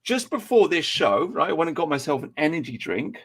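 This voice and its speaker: A man's voice: on the high side, big pitch swings, brisk, slightly rough. A man chatting on a podcast, ranting and swearing heavily. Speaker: podcast co-host. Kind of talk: casual chat.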